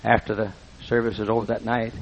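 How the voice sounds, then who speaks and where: A man's voice: lowish voice, little pitch movement, fairly quick, vocal fry. A man preaching a sermon, telling folksy, humorous stories and often breaking off mid-sentence. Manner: folksy, humorous anecdotes with self-interruptions. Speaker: pastor. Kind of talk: storytelling sermon. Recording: dull lo-fi recording.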